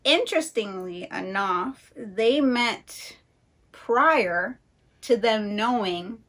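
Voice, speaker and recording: Young woman, book chat co-host, slow pace, higher voice, rambling animated retelling. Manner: rambling, animated retelling of plots with put-on character quotes.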